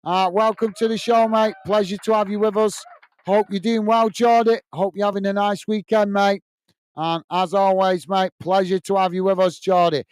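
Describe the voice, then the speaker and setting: A man with a high, smooth and clear voice hosts a live football watch-along in a dry, close sound. He chats in a blunt, opinionated way and answers viewer comments one by one. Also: little pitch movement, normal speed, no room sound. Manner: chatty, reads viewer comments aloud and answers them. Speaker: host.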